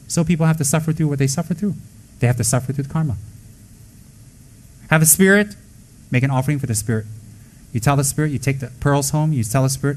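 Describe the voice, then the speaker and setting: A man giving a Buddhist dharma talk to students, blunt and scolding, with joking asides and quick acted-out quotes. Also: a little high, a little mellow, low-quality recording. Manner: acts out quoted voices. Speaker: Buddhist teacher.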